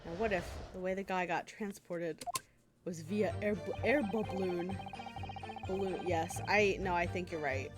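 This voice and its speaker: A woman streamer casually commenting while playing a courtroom game, with giggly, relaxed asides. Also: fairly low pitch, unhurried, music in the background. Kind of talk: game playthrough reading and commentary.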